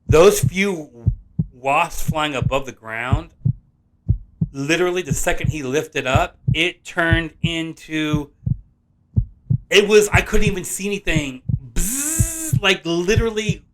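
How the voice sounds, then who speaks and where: A man in a vlog tells a personal story in an excitable, rambling way. He keeps stumbling into restarts and self-corrections. His voice sits a little high and comes across bright and forceful. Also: slow, a little hiss or hum. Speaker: vlog host and father. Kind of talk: animated personal storytelling to camera.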